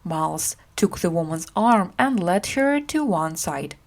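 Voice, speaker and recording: Woman reading a storybook audiobook slowly, pitch moves a lot. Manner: slow, clear, expressive. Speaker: reader. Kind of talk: graded-reader audiobook narration.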